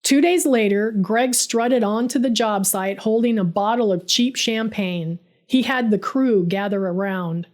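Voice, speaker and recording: A woman's voice: mid-range voice, unhurried. A woman narrating her own first-person story, dramatic and bitter in tone.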